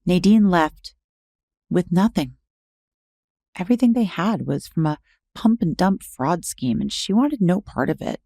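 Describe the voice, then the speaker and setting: A woman podcast host reading scripted narration in a measured storytelling manner. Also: on the low side, expressive, gravelly, mellow, no echo. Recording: dry close studio voice-over over faint music. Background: faint music.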